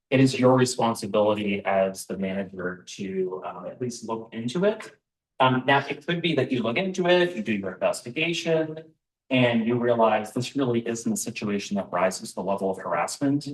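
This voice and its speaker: A man presenting a business training to a live room, conversational, with many ums and questions to the audience. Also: fairly low pitch. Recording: roomy, voice from far off the mic.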